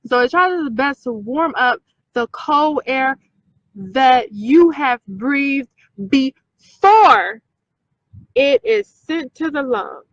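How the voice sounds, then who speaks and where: A woman's voice: sits high, very animated, takes it slowly, no room sound, dull audio. A woman hosting a casual talk video for her viewers, emphatic, repeating points and checking in with "okay?". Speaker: video host.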